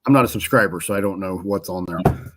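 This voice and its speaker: A man's voice: low voice, brisk. Rambling man recapping wrestling results. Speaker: podcast co-host. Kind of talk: casual chat about wrestling.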